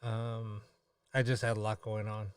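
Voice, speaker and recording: A tired man hosting a live stream, chatting casually in a halting way with many pauses and fillers. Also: lowish voice, level tone, smooth, no echo, clean studio sound, far from the mic. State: tired, yawning.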